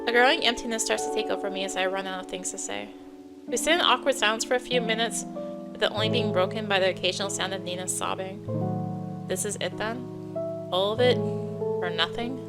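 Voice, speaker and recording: Gravelly woman reading a game aloud. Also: mid-range voice, fast. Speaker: let's play host. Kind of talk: reading a visual novel aloud. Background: game music.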